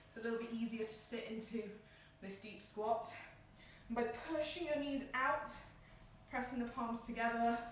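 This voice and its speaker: A woman leading a home yoga class, giving calm, encouraging cues in time with the breath, a little out of breath. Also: on the high side, slight background noise. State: slightly out of breath. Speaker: yoga instructor. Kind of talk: guided yoga class instruction. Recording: echoey room, mic at a distance.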